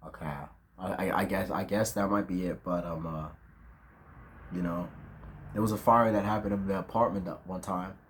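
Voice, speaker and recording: A man's voice: low-pitched, steady tone, normal speed, a bit bright, slight background noise. A man of twenty in a casual, reflective vlog monologue, full of slang and fillers, talking outdoors at dusk. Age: 20s. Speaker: vlogger.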